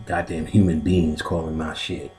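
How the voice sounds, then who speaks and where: A man hosting a casual occult talk, swearing constantly and laughing, jumping between high excited yelps and low mutters. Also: normal speed, slight background noise. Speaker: host of an occult class stream. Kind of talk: casual profane chat.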